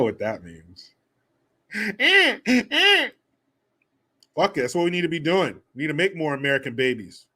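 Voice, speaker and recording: A man's voice: fairly high pitch, wildly swooping pitch, moderate pace, pauses often, bright, forceful tone. A man hosting a livestream, chatting casually and reading viewer donations with crude, profane jokes. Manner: crude, joking, profane banter. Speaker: livestream host.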